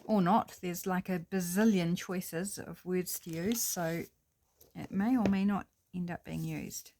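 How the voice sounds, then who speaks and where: This is a middle-aged woman with a New Zealand accent, talking to her viewers in a relaxed, chatty way while she crafts. Her voice sits fairly low for a woman. She muses aloud as she works, in an easy home-video manner. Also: measured pace. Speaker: crafting vlogger. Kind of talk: casual crafting narration.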